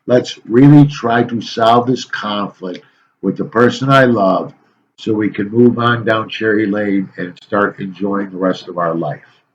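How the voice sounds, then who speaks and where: A male teacher giving a casual, folksy lecture to his students, rambling a little with frequent pauses and filler sounds. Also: fairly low pitch, dull audio, slight background noise.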